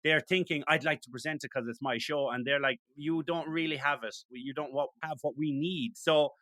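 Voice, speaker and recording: A man's voice: on the high side, steady tone, normal speed, pushed and bright, no echo, clean studio sound. A man hosting a podcast interview, chatting casually and encouraging his guest with agreeing fillers. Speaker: podcast host.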